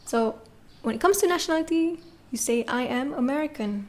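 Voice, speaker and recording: A woman with a fairly high voice gives a recorded language lesson. She talks patiently and repeats each word slowly so learners can follow. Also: expressive. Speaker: French teacher.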